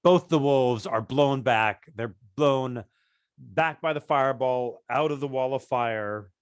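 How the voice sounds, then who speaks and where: A man narrating as game master of a tabletop game, describing scenes in a deliberate, unhurried way. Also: mid-range voice, clear, resonant tone, no echo, clean studio sound.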